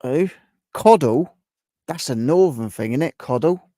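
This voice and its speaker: A man's voice: fairly high pitch, animated, a little slow, warm tone, dry recording, studio quality. A man hosting a live stream, chatting casually and reacting to viewers' guesses as he reads their comments aloud.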